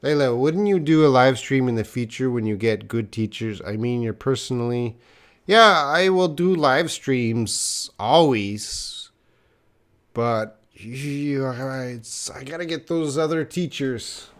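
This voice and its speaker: A young man teaches English on a live stream, reading viewers' questions aloud and answering encouragingly, speaking straight to them and repeating their names. His mid-range voice is animated, slow, clear, and resonant.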